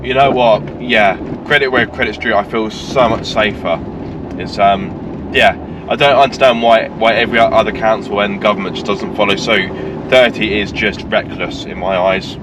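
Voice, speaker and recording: A man, hosting a car vlog in casual, deadpan joking chat. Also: lowish voice, normal speed, very noisy. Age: 30s. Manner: playful, deadpan joking, stumbles over words. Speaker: vlog host. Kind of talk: casual chat while driving and on location. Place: small car on the road, then outdoors by the sea.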